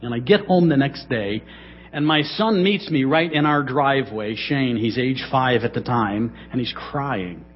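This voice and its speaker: A middle-aged man preaching a sermon in a church, dramatic, swinging between loud emphasis and hushed asides. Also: mid-range voice, measured pace, a little hiss or hum. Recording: dull, lo-fi sermon recording.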